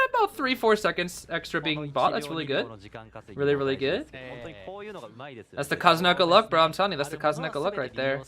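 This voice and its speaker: A young man giving casual live commentary on a tournament match as a streamer, excitable, cheering players and answering chat. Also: fairly high pitch, a little fast.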